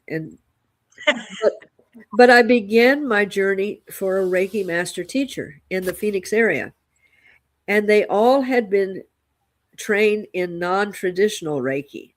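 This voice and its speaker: A woman's voice: mid-range voice, unhurried. A woman co-hosting a casual spiritual chat show, a Reiki master teacher who tells her story reflectively and with restarts.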